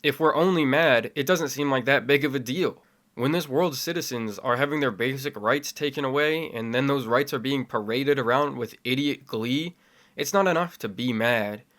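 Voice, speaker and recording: Talking straight into the lens, this young man delivers a spoken opinion piece he produced himself. His middle-range voice is slightly bright, and what starts calm swells into passionate, heated certainty.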